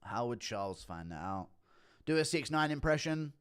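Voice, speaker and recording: A man's voice: on the low side, very animated, normal speed, clear, resonant tone. A man from Canada, a streamer joking crudely while reading out donations. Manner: crude, mocking jokes. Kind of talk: casual livestream chat reading donations.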